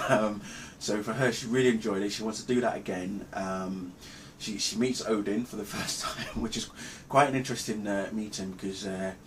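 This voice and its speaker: A man recapping a film's plot in a casual review, rambling and halting with many ums and restarts. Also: lowish voice, steady tone, a little hiss or hum. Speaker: movie reviewer. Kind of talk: casual spoken film review.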